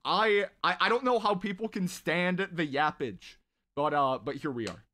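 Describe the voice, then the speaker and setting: Chatty, slightly high-voiced male streamer. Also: moderate pace. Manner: rambling and talkative, shouting out viewers. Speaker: live-stream gaming host. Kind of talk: casual live-stream chat. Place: at home.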